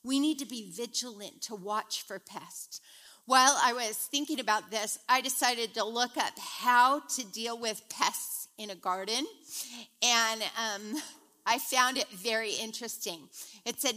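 A middle-aged woman teaching a women's Bible study in a chatty, animated way, retelling stories as she goes. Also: a little high, measured pace. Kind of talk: casual devotional teaching.

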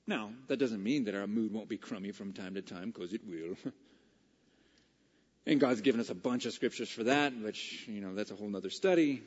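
A man's voice: lowish voice, moderate pace, breathy edge. Man, preacher, conversational sermon, emphatic bursts, muffled sound, long reverb tail. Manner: conversational, builds to excited loud emphasis. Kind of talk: evening Bible study sermon.

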